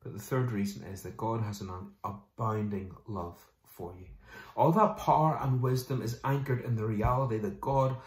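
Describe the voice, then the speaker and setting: A male pastor delivering a sermon, lively and conversational, sometimes mimicking people in quick asides. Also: fairly low pitch, roomy sound.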